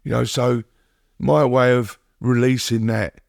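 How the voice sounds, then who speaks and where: A middle-aged man, a guest telling his story haltingly, repeating words and saying "you know what I mean" often. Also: medium pitch, flat delivery, vocal fry, no echo, clean studio sound. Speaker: podcast guest. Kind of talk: candid recovery interview.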